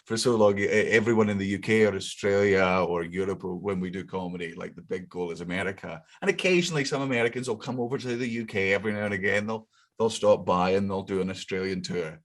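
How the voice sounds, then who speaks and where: A Scottish man, a comedian guest in casual chat, animated, laughing often and swearing freely. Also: sits low, fast talker, hardly any pauses. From Scotland.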